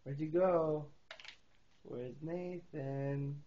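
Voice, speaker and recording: A man's voice: a little high, steady tone, drawn-out words, warm tone, slight background noise. A man at home playing peekaboo with his toddler, playful and teasing, often laughing. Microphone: phone camera. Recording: lo-fi phone video.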